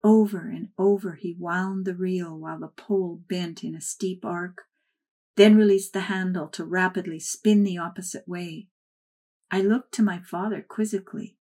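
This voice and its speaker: A woman with a somewhat low voice reads a first-person memoir aloud. Her storytelling is soft and measured. The narration is unhurried. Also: fairly even intonation.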